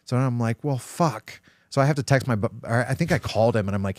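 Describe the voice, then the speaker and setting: Speaking at medium pitch and a fast clip, this man hosts a podcast, and the recording is dry. He spins stories conversationally, curses a lot, and performs other people's lines as he recounts them.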